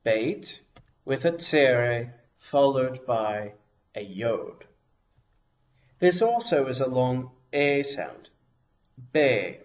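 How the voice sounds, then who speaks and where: A man gives a language lesson at an unhurried pace, walking through each sound step by step. His voice sits at an ordinary middle pitch, and he lingers over every example so the learner can follow. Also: big pitch swings. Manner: patient, deliberate, pronounces each sound slowly. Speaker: teacher. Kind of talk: slow, careful language lesson.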